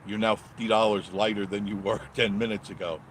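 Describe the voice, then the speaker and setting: A man's voice: lowish voice, fairly even intonation, fairly quick, a bit bright, slight background noise. A man vlogging while driving, casually chatting with viewers and reading their comments in a rambling, joking way. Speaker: vlogger reading live chat. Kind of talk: casual live-stream chat while driving. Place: in a car on the road.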